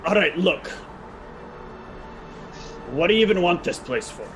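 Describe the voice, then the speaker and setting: A man playing a tabletop game, arguing in character with quick banter. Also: high-pitched, lively intonation, fairly bright tone, soft background music. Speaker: player.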